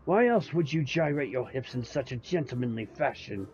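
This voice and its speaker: A man voicing a calm, self-assured older gentleman, reading game dialogue in a low, measured, courtly way. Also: muffled recording, soft background music, close to an everyday voice.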